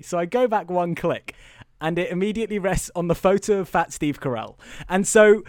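A man co-hosting a podcast, casually recapping a movie in a rambling, animated way with impressions. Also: sits high, moderate pace, no room sound, clean studio sound. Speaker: podcast co-host.

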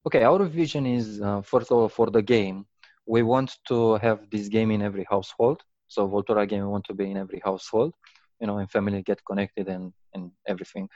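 Guy with a lowish voice telling stories in an interview, acts out the quotes, lots of likes and ums, dry slightly dull sound. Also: fairly quick, dry recording. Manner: animated, acts out quotes with big pitch jumps, many fillers. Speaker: guest, game company founder. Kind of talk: casual interview storytelling.

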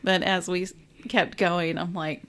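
A woman's voice: lowish voice, little pitch movement, a little slow, fairly bright tone, smooth. An American woman co-hosting a podcast, chatting about a film with short reactions and easy laughter. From United States. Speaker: podcast co-host. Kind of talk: casual movie recap chat.

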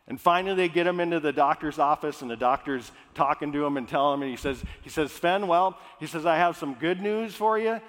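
A man's voice: a little high, a bit bright. A male pastor from Minnesota, praying and then preaching in an earnest, conversational way. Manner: earnest, conversational, restarts phrases. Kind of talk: sermon. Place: church sanctuary. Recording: echoey hall.

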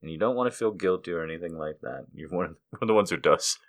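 A man's voice: sits low, quick pace. A man hosting a podcast, delivering a rambling, profane comedic monologue. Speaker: podcast host.

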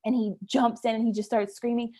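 A woman's voice: on the high side, little pitch movement, brisk, mellow. A woman in her thirties, a guest chatting casually about her birth stories, laughing often and acting out what people said. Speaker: guest mother sharing her birth story. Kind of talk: casual storytelling interview.

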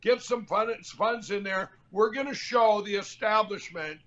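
A man's voice: sits high, measured pace, fairly bright tone, muffled recording. A man hosting a political talk show, rambling and combative, repeating himself as he talks. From Minnesota. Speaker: show host.

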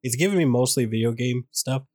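A man co-hosting a podcast in casual chat, halting and laid-back with frequent restarts. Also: mid-range voice, darkish tone. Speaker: podcast co-host.

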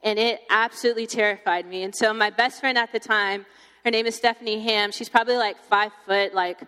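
A young woman giving her testimony to a campus ministry group, telling it in a chatty, animated way with lots of fillers. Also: medium pitch, brisk, clear, resonant tone. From Texas. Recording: long hall reverb.

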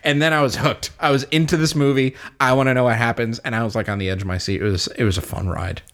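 A man co-hosting a casual movie podcast, talking in an animated way, laughing often and acting out his own reactions. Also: medium pitch, fast talker. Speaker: podcast co-host. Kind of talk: casual movie review chat.

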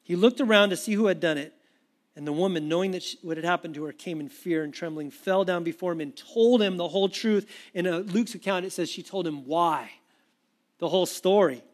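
Guy preaching a sermon, highish voice, animated and chatty. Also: fairly quick. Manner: animated, conversational storytelling. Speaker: pastor.

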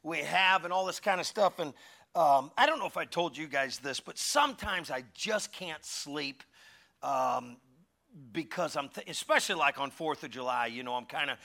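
A middle-aged man preaching a conversational sermon with humorous stories, animated, moving from loud calls to hushed asides. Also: a little high, moderate pace. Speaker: pastor.

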